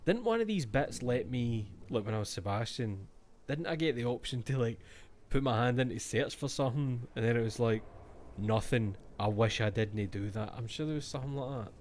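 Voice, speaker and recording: Scottish male streamer, mid-pitched, jokey and sweary, reads game text aloud, faint noise behind. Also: lively intonation, a little fast, darkish tone. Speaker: let's-play streamer. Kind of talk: casual gameplay commentary.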